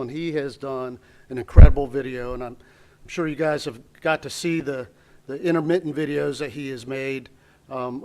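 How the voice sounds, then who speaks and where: A man's voice: mid-range voice, darkish tone. A man introducing the next segment at a graduation ceremony, hesitant and full of restarts.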